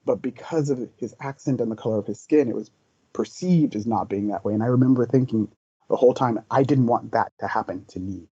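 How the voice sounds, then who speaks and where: A man's voice: medium pitch, brisk, warm tone, husky, no echo, highs cut off. A man who is the guest in an interview, telling personal stories in an earnest, thoughtful way. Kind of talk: reflective interview talk.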